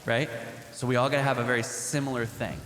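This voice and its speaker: A man's voice: medium pitch, level tone, quick pace, fairly bright tone, slight background noise. A man hosting a podcast, joking, swearing and laughing in casual chat. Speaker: podcast host. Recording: echoey room with long reverb.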